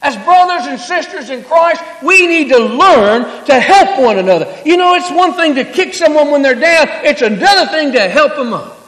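A man preaching a sermon, swinging from hushed, quiet passages to loud, emphatic declarations. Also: extremely high pitch, lively intonation, normal speed, hardly any pauses. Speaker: pastor. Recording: echoey hall.

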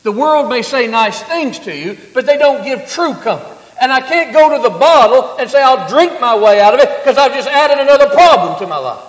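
High-voiced preaching man in an echoey hall. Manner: swings from hushed low tones to loud emphatic preaching. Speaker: pastor. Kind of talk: sermon.

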